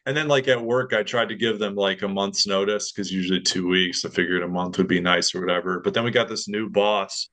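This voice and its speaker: Young male podcast guest, slightly low pitch, animated storyteller who jumps into other people's voices. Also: fairly quick, hardly any pauses. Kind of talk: casual storytelling.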